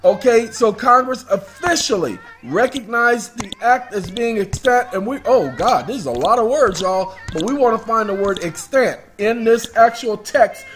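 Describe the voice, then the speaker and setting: A man's voice: sits high, expressive, moderate pace, few pauses, a bit bright, faint music behind. A man hosting his own video, rambling casually through documents on his screen, addressing viewers as y'all and breaking into bits of song. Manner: rambling, talks to viewers as y'all, sings snatches of songs. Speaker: video host. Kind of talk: casual screen-share commentary.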